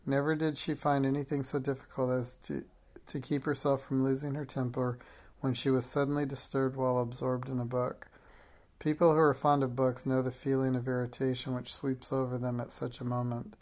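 An audiobook reader narrating a classic children's novel in an even, measured way, with occasional small slips. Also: medium pitch.

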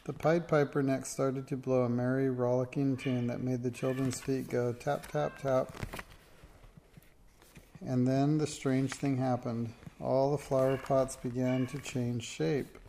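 A man reading a children's storybook aloud in a steady, expressive way. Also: medium pitch, unhurried, a little hiss or hum. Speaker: narrator.

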